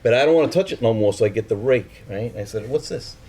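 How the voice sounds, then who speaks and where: A man's voice: medium pitch, animated, fast talker, warm tone, slight background noise. A man telling a story to a live audience, casually swearing and acting out the people he quotes in a raised voice.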